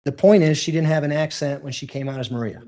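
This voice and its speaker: A man's voice: a little high, fast, dark tone. Insistent male prosecutor cross-examining. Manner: pressing, insistent questioning. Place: courtroom.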